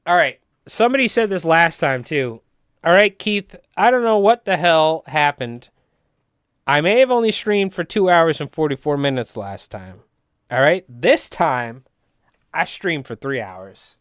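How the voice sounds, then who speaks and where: A man from New York with a New York accent, hosting a casual livestream and rambling through jokes without a pause. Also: a little high, big pitch swings, fairly bright tone, smooth, dry recording, clean studio sound. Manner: rambling, joking, talks nonstop. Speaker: livestream host.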